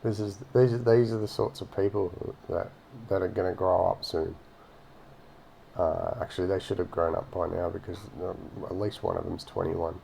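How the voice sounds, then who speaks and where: A man's voice: low-pitched, steady tone, moderate pace, gravelly, warm tone, a little hiss or hum. A man giving sarcastic, swear-filled commentary while reacting to a video. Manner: sarcastic, swears freely, mocking asides. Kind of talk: casual profane commentary over a video.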